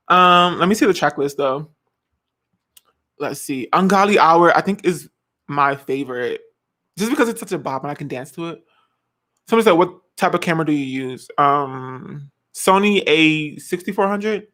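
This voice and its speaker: Woman in her 20s, lively dramatic vlogger chatting to camera. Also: low-pitched, normal speed. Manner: animated, dramatic, laughs often, sings snippets. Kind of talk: casual chat.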